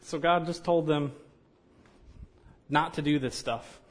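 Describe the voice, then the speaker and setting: A man's voice: fairly high pitch, steady tone, takes it slowly. A man preaching a sermon in a conversational way, with joking asides and frequent "you know".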